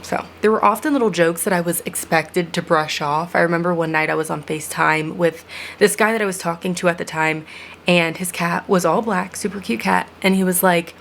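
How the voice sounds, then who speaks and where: A young woman speaks straight to her viewers in a reflective, earnest vlog, now and then dropping a sarcastic aside. Her voice sits low for a woman. A faint hum of room noise runs under her. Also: steady tone, fairly quick, vocal fry, a bit bright. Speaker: vlogger. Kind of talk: personal vlog monologue.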